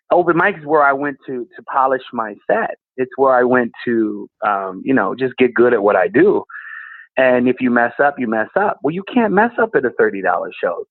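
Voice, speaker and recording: Male comic guest, lively storyteller, dry phone-quality audio. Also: medium pitch, breathy edge, dry recording. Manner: animated, acts out voices in anecdotes. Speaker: comedian guest. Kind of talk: storytelling conversation. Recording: tinny phone-like call audio.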